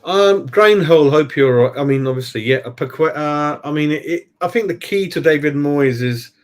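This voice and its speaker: A man's voice: on the high side, normal speed. A man, co-hosting a live fan stream, greeting viewers by name and firing off rhetorical questions. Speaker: fan channel co-host. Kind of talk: casual live-stream chat.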